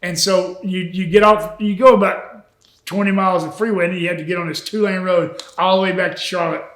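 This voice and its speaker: A man's voice: sits high, steady tone, fairly quick, fairly bright tone, roomy sound. An older man, a retired wrestler, telling road stories in a folksy, chuckling way during a shoot interview. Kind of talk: shoot interview, anecdotal storytelling.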